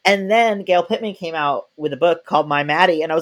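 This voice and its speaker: A podcast host in a casual interview, telling chatty, animated stories full of playful quoted voices. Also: mid-range voice, quick pace.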